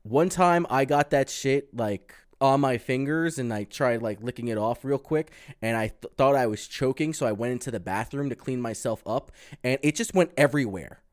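A man in casual chat, telling a drawn-out story and swearing freely. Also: mid-range voice, no echo, clean studio sound.

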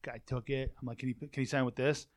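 A man's voice: medium pitch, little pitch movement, quick pace, no room sound, studio quality. A man in casual chat, telling rambling stories full of swearing and quoted asides. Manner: profane, rambling storyteller.

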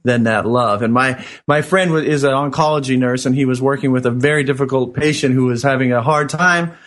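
A man's voice: mid-range voice, brisk, a bit bright. A man co-hosting a spiritual talk show, telling a long story with lots of affirming yeses. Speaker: co-host.

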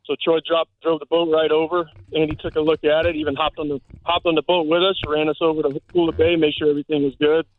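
A man calling in to a radio show, telling a story in quick chatty bursts over a phone line. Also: fairly high pitch, flat delivery, no echo. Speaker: caller. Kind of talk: casual chat.

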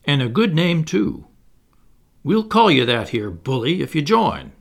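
A man reads as a sneering, pompous pirate captain from a storybook, loud and commanding. The voice swings widely and keeps a gravelly edge as he bellows orders and gloats over his captives. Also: very animated, a little slow, heavily acted. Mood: roaring, commanding. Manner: booming, gloating, theatrical. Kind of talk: audiobook character reading.

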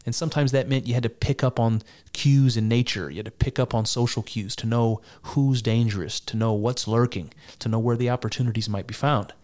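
A man's voice: mid-range voice, steady tone, brisk, few pauses, a little mellow. A man giving casual spoken commentary on clips, argumentative and wry, with frequent restarts and mock laughter.

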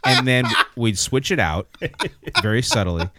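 A man who works as a voice actor, a podcast guest chatting casually and telling lively stories with many restarts. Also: mid-range voice, measured pace, very noisy. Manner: animated storyteller, many restarts and fillers.

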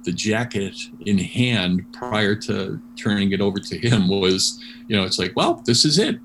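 A man telling a story in an interview, animated and full of restarts and fillers. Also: fairly low pitch, a little slow. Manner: animated, many restarts, laughs while telling. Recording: noisy background hum.

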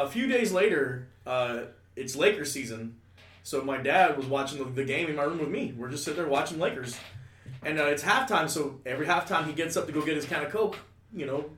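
A man's voice: fairly high pitch, fairly bright tone, far from the mic. A man telling a crude story in casual talk, rambling and full of asides. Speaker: storyteller guest. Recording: echoey room, a bit off-mic.

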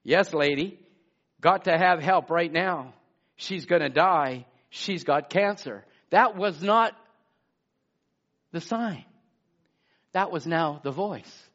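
A man preaching a sermon, swinging from loud exclamations to hushed asides. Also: a little high, slow, long pauses. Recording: muffled lo-fi sermon recording.

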